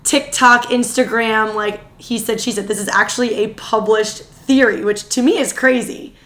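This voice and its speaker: This is a female podcast co-host in easygoing conversation. Though her voice is weary and worn, she speaks excitedly and chattily, with rapid side remarks, at a fairly high pitch.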